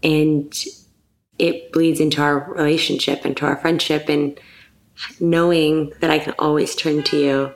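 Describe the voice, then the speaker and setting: A woman guest talking with candid, animated energy, laughing often and quickening into bursts. Her voice sits a little low with a gravelly fry. The room around her has a noticeable echo. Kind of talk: casual heartfelt conversation.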